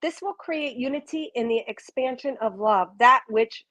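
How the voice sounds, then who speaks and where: A woman giving a live oracle card reading, talking softly and wandering between thoughts with gentle excitement. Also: fairly high pitch, moderate pace, poor audio. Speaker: card reader.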